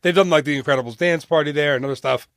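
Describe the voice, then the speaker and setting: A man's voice: fairly high pitch, a bit bright, dry recording, studio quality. A man hosting a casual travel podcast, chatting and joking with his co-host. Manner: joking, chatty, quick asides. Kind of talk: casual chat.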